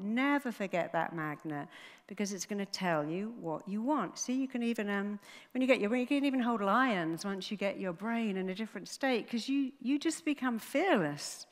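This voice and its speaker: A woman giving a motivational talk on stage, an animated storyteller who acts out the voices in her stories. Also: mid-range voice. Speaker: motivational speaker. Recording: long hall reverb.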